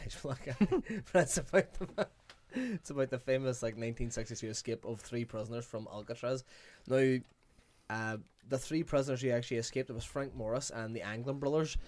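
A man's voice: medium pitch, brisk, darkish tone. A man, casually chatting about films as a podcast co-host, rambling and swearing. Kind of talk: casual film chat.

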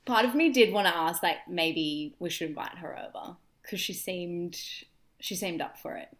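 A young woman chatting casually as a podcast co-host, telling animated stories with wry asides. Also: on the low side, moderate pace. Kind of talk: casual chat.

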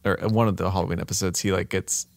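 A man's voice: low voice, fairly even intonation, quick pace, vocal fry, a little hiss or hum. A young man co-hosting a podcast, giving short reactions and laughing a lot in a casual chat about a cartoon. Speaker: podcast co-host.

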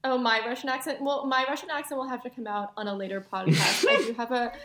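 A woman in her twenties co-hosting a podcast, chatting excitably with quick exclamations. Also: on the high side, crowd noise. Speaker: podcast co-host. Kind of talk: casual chat.

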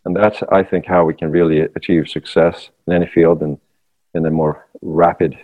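A man talking as a voice coach in a podcast conversation, explaining with animated, lively demonstrations. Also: deep voice, moderate pace, narrow, tinny audio.

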